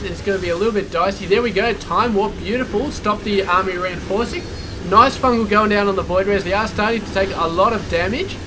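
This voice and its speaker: A man commentates a strategy game match on his own, in a casual, rambling manner full of asides. His voice sits a little on the high side. A steady noise runs behind the recording. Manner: casual, chatty, with filler asides. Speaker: game caster. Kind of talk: solo esports commentary.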